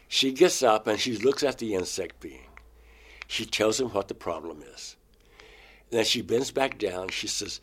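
A man's voice: lowish voice, animated, normal speed, slightly rough. A man being interviewed, earnestly telling a first-person story and acting out his own past words. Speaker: interview guest. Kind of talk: first-person account of an abduction experience.

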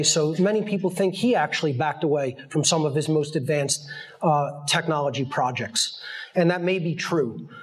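A man speaks earnestly to an audience, pressing his points with emphasis. His voice is a touch husky and sits slightly high. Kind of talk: conference lecture.

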